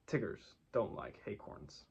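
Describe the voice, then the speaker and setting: A man's voice: medium pitch, animated, fast, slightly rough, muffled recording. A man voicing a bouncy, cheerful young male tiger who talks in a confident, decided way.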